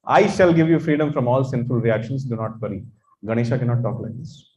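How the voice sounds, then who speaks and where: A man's voice: mid-range voice, brisk, darkish tone. A man with an Indian English accent, teaching a religious course and preaching emphatically. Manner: emphatic, repeats phrases, chants in sanskrit. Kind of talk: religious lecture. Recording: echoey, dull lecture recording.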